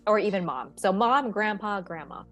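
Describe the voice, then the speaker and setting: A woman asking hesitant, earnest questions in a casual session, with soft music behind her. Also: medium pitch, animated, moderate pace.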